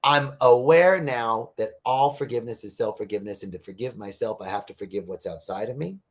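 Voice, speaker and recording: A man hosting a casual live-streamed spiritual talk, animated and laughing, telling jokes. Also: mid-range voice, brisk.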